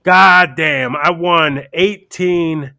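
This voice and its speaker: A man telling stories in loud, animated, swear-heavy casual podcast banter. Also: on the high side, very slow, gravelly, no room sound. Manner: animated storyteller, swears a lot.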